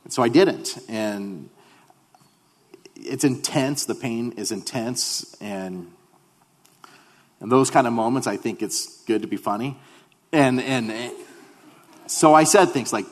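A man's voice: mid-range voice, slow pace, long pauses, in a large hall. A male pastor giving a sermon, telling a personal story in a humorous, conversational way.

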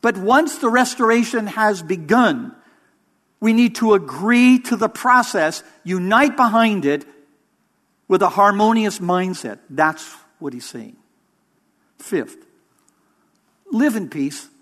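A man preaching a sermon as interim pastor, measured and emphatic, with pauses for weight. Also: sits high, expressive, a bit bright.

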